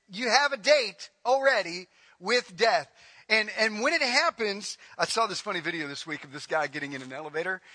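A man preaching a sermon as pastor, emphatic and slowing down to stretch key words. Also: high voice, bright, forceful tone. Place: large hall with long reverb. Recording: live sermon in a reverberant hall.

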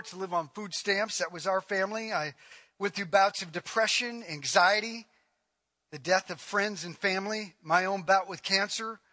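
A man preaching a sermon as a pastor, emphatic, swinging between loud declarations and hushed, quiet passages. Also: sits high.

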